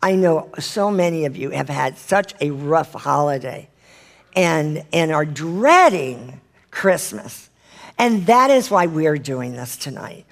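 A Bible study leader with a mid-range, sing-song voice reads scripture slowly and preaches, earnestly asking listeners direct questions. Occasionally the reading stumbles and gets corrected.

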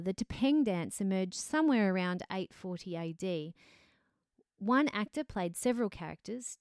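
A woman, a drama teacher answering interview questions in a measured, explanatory way. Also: medium pitch, darkish tone, no room sound, clean studio sound. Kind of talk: scripted-sounding interview answers.

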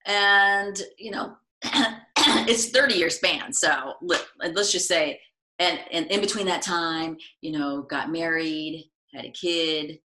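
A middle-aged woman from the United States, chatting as an interview guest and telling stories, acting out quotes in lively voices. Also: low-pitched, takes it slowly. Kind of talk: casual interview storytelling.

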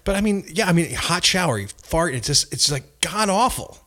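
A man's voice: on the high side, lively intonation, moderate pace, a bit bright. A man co-hosting a podcast in casual chat, complaining animatedly and swearing. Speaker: podcast co-host.

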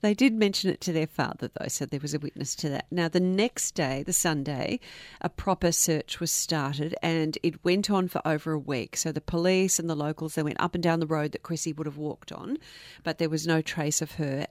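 A lower-voiced woman co-hosts a podcast and narrates a true-crime case in a loose, conversational way. She laughs easily and rushes ahead when excited. The sound is dry and close to the mic. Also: dry recording. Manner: chatty, laughs often, speeds up when excited. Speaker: podcast co-host. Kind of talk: casual true-crime storytelling.

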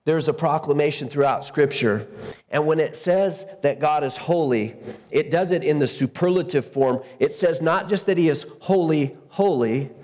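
A man's voice: fairly high pitch, normal speed, a little mellow. Earnest male pastor preaching in a hall. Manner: earnest preaching, repeats words for emphasis, frequent restarts. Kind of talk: sermon.

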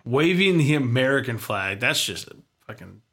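A man's voice: mid-range voice, expressive, normal speed, a bit bright, a little hiss or hum. A man hosting a casual chat show, reading prepared notes and dropping wry quips. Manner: wry, reads facts with quips. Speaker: podcast host.

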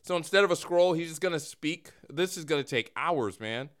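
A man's voice: a little high, expressive, normal speed, fairly bright tone, smooth. A man co-hosting a comedic podcast in a casual chat, sounding exasperated as he tries to keep the show on track. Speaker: podcast co-host.

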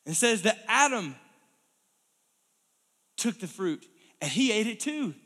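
Animated high-voiced preacher in a hall. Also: male voice, a little slow, pauses often. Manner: animated storytelling, acts out scenes. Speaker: pastor. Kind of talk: sermon. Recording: long hall reverb.

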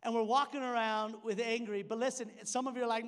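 A man's voice: very high-pitched, steady tone, quick pace. A young man preaching a sermon in church, conversational and joking, with frequent restarts. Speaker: pastor. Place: church sanctuary. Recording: long hall reverb.

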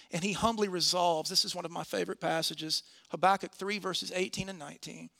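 A man preaching a sermon in church, earnest, slowing and softening on key phrases. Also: high-pitched, fairly even intonation, creaky.

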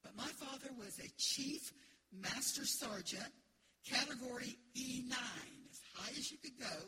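Woman pastor preaching, very high and emphatic. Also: unhurried, heavy background noise. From United States. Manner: emphatic, animated preaching with laughter and call-outs. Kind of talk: sermon. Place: church sanctuary.

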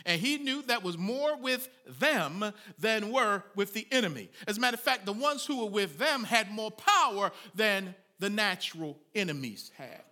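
Male pastor, sermon delivery; high, bright and lively voice, folksy asides, dramatic shouted climaxes. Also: normal speed, few pauses. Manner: dramatic preaching, rising to shouts; folksy asides between scripture readings.

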